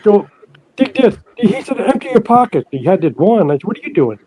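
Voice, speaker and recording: An older man, a guest on an interview podcast, telling stories in a halting way that repeats words, and he puts on higher voices for the people he quotes. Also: very animated, crowd noise, rough recording. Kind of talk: casual storytelling interview.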